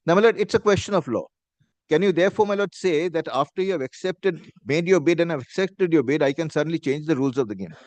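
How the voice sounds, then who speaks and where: A man's voice: on the high side, lively intonation, fast, a little mellow, dry recording. A man with an Indian English accent, an advocate making a formal courtroom argument and saying "my lord" again and again. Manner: formal, repeats "my lord" constantly. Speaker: advocate arguing before a judge.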